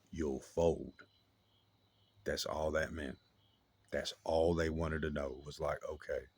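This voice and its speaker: A man telling a story in a casual, slangy way, with halting restarts and lots of fillers. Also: a bass voice, no echo.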